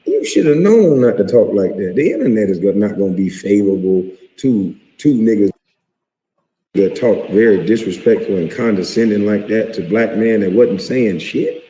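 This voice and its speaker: A man in his forties, a retired pro athlete, ranting to camera in a profane, heated, animated way. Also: fairly low pitch, moderate pace. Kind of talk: casual rant to camera. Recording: echoey room with long reverb.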